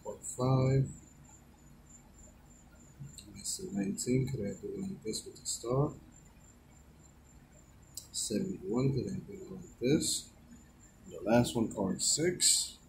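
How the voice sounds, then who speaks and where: A man talking slowly and unhurriedly, reading out numbers one by one as he scratches a lottery ticket, his voice sitting fairly low. Behind him there is plain noise with birds chirping now and then. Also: gravelly, low-quality recording. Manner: slow, easygoing, calls out numbers one by one. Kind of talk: casual narration while scratching a ticket.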